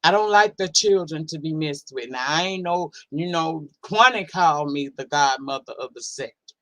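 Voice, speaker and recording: A woman's voice: deep voice, expressive, normal speed, a bit bright, no echo. A woman hosting a casual livestream, reading out chat comments in a blunt, profane, sassy way and drawling words for emphasis. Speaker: livestream host.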